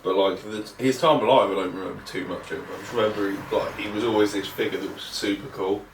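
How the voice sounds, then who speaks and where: A man's voice: lowish voice, steady tone, quick pace. A man co-hosting a podcast, chatting casually with short, laid-back replies. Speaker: podcast co-host. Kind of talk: casual chat. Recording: roomy, distant mic with faint noise.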